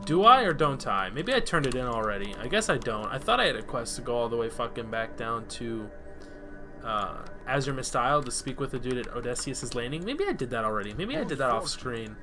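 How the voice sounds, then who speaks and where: A man giving rambling, excitable let's play commentary, swearing freely while he plays. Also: mid-range voice, a little fast, over music. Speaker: gameplay commentator.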